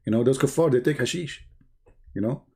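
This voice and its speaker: A man's voice: mid-range voice, fairly quick, mellow, husky. A man hosting a live stream, talking in sarcastic, mocking rants in non-native English and arguing as if he were his opponents.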